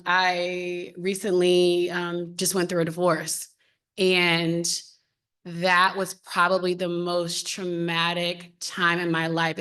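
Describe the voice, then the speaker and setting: A woman's voice: fairly low pitch, fairly bright tone, smooth. A woman in her thirties speaking on a panel in an open, heartfelt, conversational way. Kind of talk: candid panel talk. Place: symposium panel.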